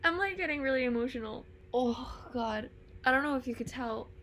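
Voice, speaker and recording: A woman's voice: high voice, fairly quick, fairly bright tone, a little hiss or hum. A young woman hosting a casual reaction vlog, gushing and swearing freely, often dropping to a whisper. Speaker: YouTube reaction host.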